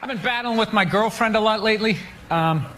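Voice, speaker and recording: Sarcastic high-voiced stand-up man. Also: a little fast, a little hiss or hum. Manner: sarcastic, deadpan mockery. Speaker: stand-up comedian. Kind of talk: stand-up comedy routine.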